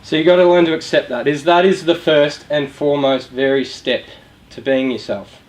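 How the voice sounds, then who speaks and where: A young Australian man speaks in a fairly high yet darkish, steady voice at normal speed, heard through poor audio with slight background noise. Working for a youth charity, he gives a casual, chatty motivational talk to a young audience in a room, asking them questions.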